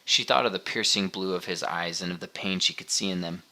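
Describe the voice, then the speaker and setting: A man narrating an audiobook in a steady, measured reading. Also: low-pitched. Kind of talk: scripted narration.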